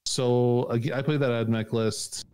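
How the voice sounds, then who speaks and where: A man's voice: mid-range voice, fairly even intonation, measured pace, a little mellow, clear, resonant tone. A man co-hosting a podcast in casual chat, rambling with many fillers and frequent laughs. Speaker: podcast co-host.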